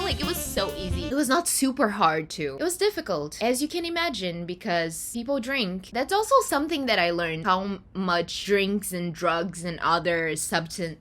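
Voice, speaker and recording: A young woman talking candidly and expressively in a personal vlog, swearing casually. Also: lowish voice. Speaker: vlogger. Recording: music playing underneath.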